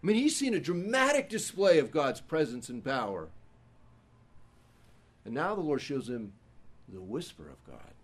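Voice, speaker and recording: A pastor preaching a sermon, who moves between hushed, quiet passages and loud, emphatic ones. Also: male voice, a little high, big pitch swings, normal speed, pauses often.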